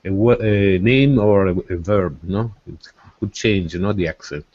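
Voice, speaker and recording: A man, a language student, asking questions haltingly and searching for words. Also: low voice, darkish tone, no room sound. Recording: dry, dull recording.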